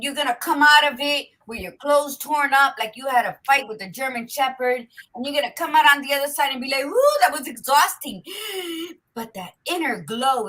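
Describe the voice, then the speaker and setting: A woman with a high, bright, somewhat husky voice holds forth in a casual chat. She talks emphatically and preaches with frequent swearing. Her words sound forceful and heartfelt. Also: poor audio. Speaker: podcast co-host.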